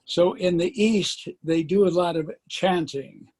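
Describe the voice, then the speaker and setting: A man taking part in a spiritual group call, sharing a comment in a measured, reflective way. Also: high-pitched, fairly even intonation, darkish tone. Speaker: participant.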